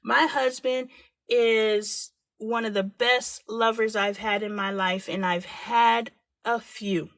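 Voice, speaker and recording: Her voice sits fairly high, with fairly even intonation, a slow pace and a fairly bright tone, recorded without room sound. She's a woman in her forties hosting a live stream, frank and lively, voicing the people she quotes.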